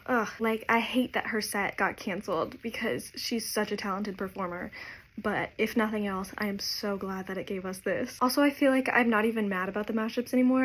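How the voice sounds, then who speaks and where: A woman vlogging as she crochets, chatting casually and explaining step by step how she works out her stitch counts. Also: mid-range voice.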